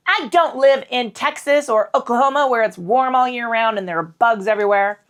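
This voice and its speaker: A middle-aged woman leads a casual yoga class at home, her voice fairly high and unhurried. She rambles, swears freely, and makes jokes at her own expense.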